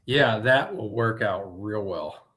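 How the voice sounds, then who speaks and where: A man's voice: on the low side, lively intonation, takes it slowly, fairly bright tone. A man chatting as a podcast guest in an easygoing, laid-back way. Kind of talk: casual chat.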